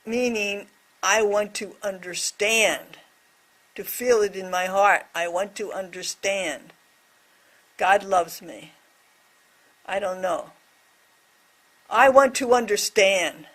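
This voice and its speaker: A woman voicing a deaf presenter's signed reflection on a scripture story, speaking in short, measured phrases. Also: medium pitch, steady tone, fairly bright tone.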